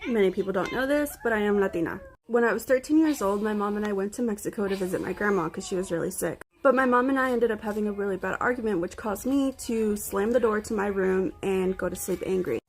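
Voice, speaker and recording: A woman's voice: medium pitch, quick pace, few pauses. A woman in her twenties telling a creepy personal story to her phone camera, in a blunt, wry, profane way. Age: 20s.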